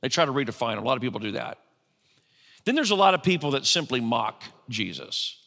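A man's voice: mid-range voice, sing-song, brisk, gravelly, bright, forceful tone, in a large hall. A middle-aged man preaching a sermon in a church, conversational, often asking his congregation questions. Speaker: pastor.

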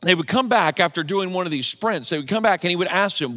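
A man's voice: high-pitched, lively intonation, quick pace, a bit bright. A man preaching a sermon as pastor, talking casually and often checking in with the congregation. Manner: conversational, asks the audience questions. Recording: long hall reverb.

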